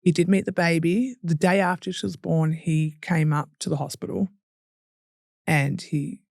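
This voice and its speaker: A woman's voice: deep voice, normal speed, vocal fry, no echo, studio quality. Blunt, sweary Australian woman. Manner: blunt and sweary, laughs through painful memories, lively acted-out quotes. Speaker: guest. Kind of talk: candid personal storytelling.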